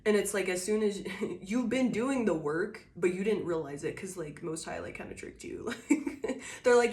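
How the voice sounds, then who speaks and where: A woman's voice: mid-range voice, animated, moderate pace. Laughing, swearing tarot reader woman. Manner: laughs often, swears casually; shifts from loud bursts to quiet musing. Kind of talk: casual channeled tarot reading.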